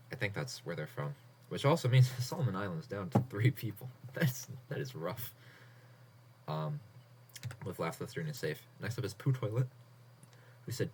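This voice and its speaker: A man with a somewhat low voice hosts a casual stream and reads contest entries and results aloud. He laughs often and swears in passing. A faint hiss sits under his home mic. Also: a little mellow. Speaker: host of an online writing contest.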